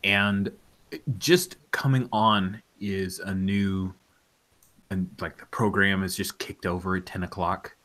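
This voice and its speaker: A man narrating as game master of a tabletop role-playing game in a relaxed, meandering way. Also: low voice, takes it slowly.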